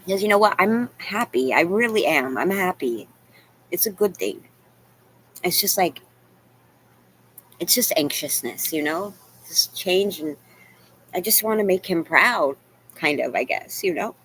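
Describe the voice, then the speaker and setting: A woman's voice: fairly low pitch, lively intonation, unhurried, pauses often, a bit bright, slight background noise. Tearful woman rambling to her viewers. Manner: rambling, tearful, self-deprecating, with many "you know"s. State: crying at times. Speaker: vlogger. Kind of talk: emotional venting to camera.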